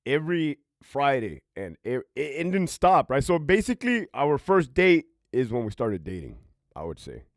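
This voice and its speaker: A man's voice: medium pitch, wildly swooping pitch, normal speed, no room sound, clean studio sound. A former prison officer telling a casual, profane story from his own life, laughing often as he talks.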